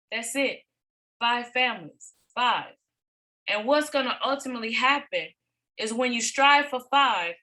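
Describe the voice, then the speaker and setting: A middle-aged woman with a high, bright voice gives her team a motivational training talk as a business coach. She's emphatic, repeating points and asking rhetorical questions, and her tone has a forceful, pushing edge. The audio quality is poor.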